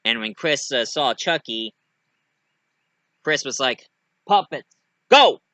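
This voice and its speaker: A man's voice: takes it slowly, dry recording. A man casually telling his own fan story, rambling and hesitant with many fillers. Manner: rambling, hesitant, lively pitch.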